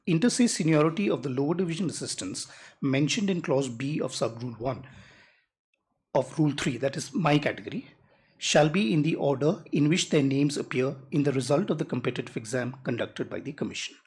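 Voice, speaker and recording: An advocate, making a measured, deliberate legal argument in a courtroom and reading rules aloud slowly. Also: mid-range voice, darkish tone, breathy edge. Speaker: advocate arguing before a judge.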